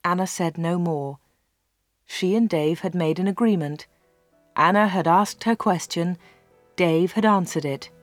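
A woman reading a storybook aloud as narrator, slow and clear, voicing the dialogue. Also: on the low side, dry recording, faint music behind.

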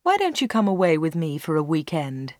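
A woman narrator voicing a secretive, short-tempered man in a storybook reading, lower and slow. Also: huge pitch swings, a little mellow, no echo, clean studio sound. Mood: insistent.

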